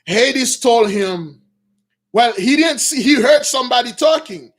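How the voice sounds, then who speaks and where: A man's voice: very high-pitched, animated, measured pace. A man giving an informal sermon, retelling a story and calling his listeners brothers, with many fillers and restarts. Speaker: preacher.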